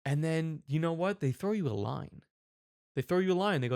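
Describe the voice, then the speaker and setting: A man hosting a comedy commentary show, telling a rambling, animated story. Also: a little high, a little fast, smooth, no echo, studio quality. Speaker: show host.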